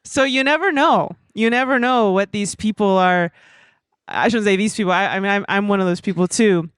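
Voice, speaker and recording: Woman, conference panel speaker, chatty storytelling, lots of fillers, clear resonant tone, dry sound. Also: medium pitch, moderate pace, dry recording. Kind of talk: conversational panel remarks.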